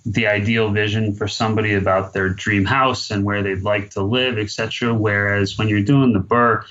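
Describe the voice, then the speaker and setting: A man answering interview questions in a low voice, measured and explanatory, leaning on filler phrases. The sound is dull and lo-fi, like a remote connection. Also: steady tone, fairly bright tone. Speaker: guest, real estate investor.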